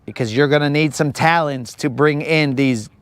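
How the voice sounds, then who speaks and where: A man's voice: a little high, normal speed, no room sound. A man hosting a live fishing stream from a boat outdoors, rambling and joking in slang. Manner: slangy, rambling, joking, says bro a lot. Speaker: fishing livestream host. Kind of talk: casual live-stream banter.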